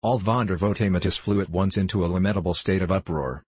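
A man reading a comic story aloud as narrator, in a theatrical, lively manner. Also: low-pitched, quick pace, slightly rough, dry recording.

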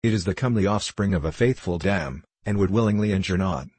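A man's voice: low-pitched, fast, darkish tone, slightly rough, dry recording. A man reading aloud, voicing a plaintive, formal, pious psalm singer in an audiobook. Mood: pleading.

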